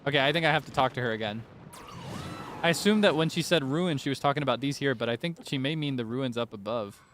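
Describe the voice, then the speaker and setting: A man giving casual, giggly livestream commentary while playing, talking through each step out loud. His voice sits at an ordinary pitch for a man. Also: quick pace, slight background noise. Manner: chatty, giggly, thinks out loud. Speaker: streamer.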